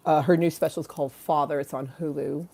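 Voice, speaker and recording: A woman's voice: low-pitched, steady tone, fast, creaky, mellow. Giggly, bawdy woman streaming live. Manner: giggly, bawdy, rambling with frequent laughs. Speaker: livestream host. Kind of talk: casual live-stream chat.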